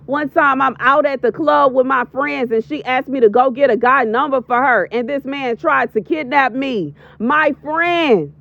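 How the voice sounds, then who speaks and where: A woman in her thirties giving an emphatic, preachy prophetic warning as a voiceover, repeating lines for stress. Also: sits high. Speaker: prophetic video creator. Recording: dull lo-fi voiceover.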